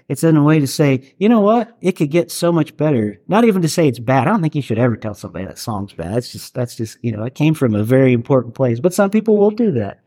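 A man's voice: medium pitch, warm tone, no echo, studio quality. A middle-aged man, a worship leader, talking earnestly and conversationally to a group, with restarts and asides. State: getting teary. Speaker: worship leader and chaplain teaching a workshop. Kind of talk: talk to a live group.

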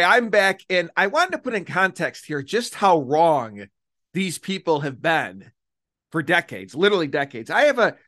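A man's voice: fairly high pitch, fairly bright tone, no echo, clean studio sound. A man hosting a solo political podcast, talking in a mocking, emphatic way and drawing out key phrases. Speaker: podcast host.

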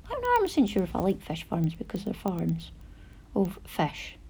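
A woman's voice: medium pitch, wildly swooping pitch, moderate pace, warm tone, breathy edge. A woman, hosting a casual chat show and rambling through many asides. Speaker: podcast host.

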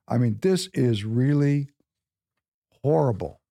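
A man hosting a podcast in an impassioned, preachy monologue. His pitch swings widely and his voice sits mellow and dark. The sound is dry and close, and he hammers points home by repeating them. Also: lively intonation, slow pace, gravelly, no room sound. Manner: emphatic, repeats phrases for effect; preachy, exhorting listeners. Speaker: podcast host.

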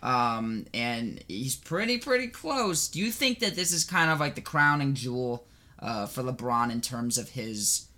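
Bright-voiced man in casual sports chat. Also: medium pitch, animated, measured pace. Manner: casual, heavy use of "like" and "you know". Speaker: sports podcast co-host.

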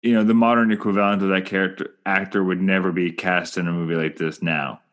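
Low-voiced man musing on film. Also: little pitch movement, fast, fairly bright tone. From Ontario, Canada. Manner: musing, trails off into restarts. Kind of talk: casual film discussion.

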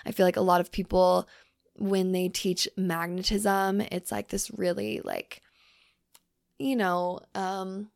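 Casual young woman with a gravelly edge. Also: medium pitch, level tone, takes it slowly, no room sound, clean studio sound. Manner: loose, filler-heavy, swearing, softly emphatic. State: hungry from fasting. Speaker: podcast host. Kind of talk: casual solo podcast talk.

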